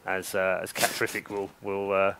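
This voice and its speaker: A man's voice: sits low, completely flat delivery, moderate pace, fairly bright tone, slight background noise. A man casting a live video game match, mixing play-by-play with joking, teasing banter. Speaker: esports caster.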